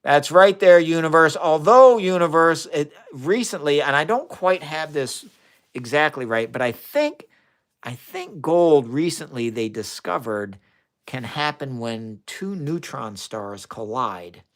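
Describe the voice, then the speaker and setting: A man's voice: on the high side, very animated, a little slow. A man with a Midwestern accent, hosting a casual science live stream from his chemistry lab. He rambles in a friendly way and answers viewers' chat comments, speaking into a phone camera. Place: home chemistry lab, indoors. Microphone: phone camera, flipped around during the stream.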